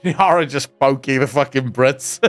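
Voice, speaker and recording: A man's voice: mid-range voice, animated, slow pace. A young man with a South African accent, chatting casually and crudely on a live stream, joking and swearing as he reacts to chat. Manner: sardonic, joking, frequent laughter and swearing.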